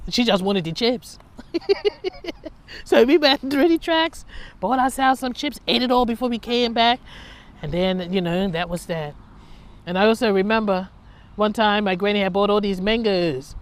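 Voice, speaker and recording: A woman speaks at a medium pitch, recounting her childhood in a loose, conversational way. She is candid and reflective, and she often laughs at her own past. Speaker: storyteller. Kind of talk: personal life story, told conversationally.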